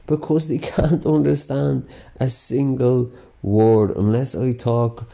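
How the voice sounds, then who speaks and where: A man with a strong Dublin accent tells personal stories in a relaxed, chatty way. His voice is very dark and mellow, and he sits at a medium pitch. He laughs often and fills his talk with "you know" and "like". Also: measured pace, creaky. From Ireland. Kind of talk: casual personal storytelling.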